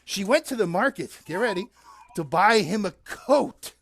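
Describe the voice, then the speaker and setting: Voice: mid-range voice, expressive, moderate pace, creaky, slightly rough. Playful sing-song puppet show narrator.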